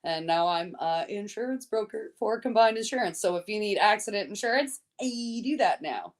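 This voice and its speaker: A woman guest on a podcast, telling a story in casual chat, swearing often and talking in a lively, laughing way. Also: mid-range voice, normal speed.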